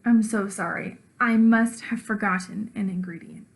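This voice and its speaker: A woman voicing a polite imaginary gentleman friend in a children's storybook, high and courteous. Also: fairly even intonation, normal speed, lightly acted.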